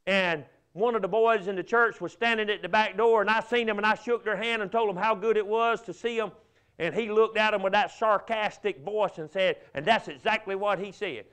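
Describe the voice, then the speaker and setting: Man, revival preacher, high voice, smooth resonant tone, loud bursts and hushed pleading. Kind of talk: fervent revival sermon. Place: church sanctuary.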